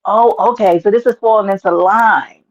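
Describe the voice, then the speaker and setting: Animated New woman streamer. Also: mid-range voice, moderate pace, lo-fi sound. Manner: loud, animated, talks to chat by name, swears. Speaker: livestream host. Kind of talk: casual livestream chat reading comments.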